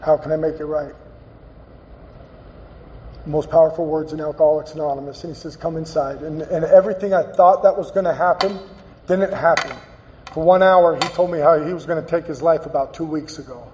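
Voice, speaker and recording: A man's voice: on the high side, fairly even intonation, a little mellow, slight background noise. Earnest man telling his story in a hall. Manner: earnest, halting storytelling with repeated phrases. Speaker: guest speaker at a recovery meeting. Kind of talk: personal recovery talk. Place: meeting hall. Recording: dull, echoey hall recording.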